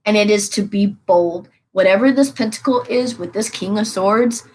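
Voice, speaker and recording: Woman tarot reader, chatty, earnest, repeats points for emphasis, mid-pitched everyday voice. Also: normal speed, darkish tone, a little hiss or hum, rough recording. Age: adult with children. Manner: earnest, rambling and repetitive, with emphatic advice. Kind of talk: casual spoken tarot reading to viewers.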